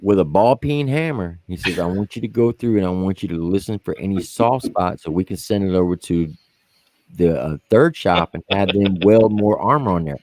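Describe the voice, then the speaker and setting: A man and army veteran co-hosting a podcast, telling profane war stories in a casual, animated way and acting out what others said. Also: moderate pace, dry recording. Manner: animated, profane, acts out quotes in high voices. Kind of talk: casual storytelling among veterans.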